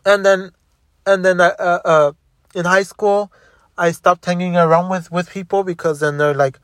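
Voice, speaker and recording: A man's voice: sits high, steady tone, normal speed, fairly bright tone, no room sound. A young man telling a personal story in a bitter, profane monologue, rambling and restarting often.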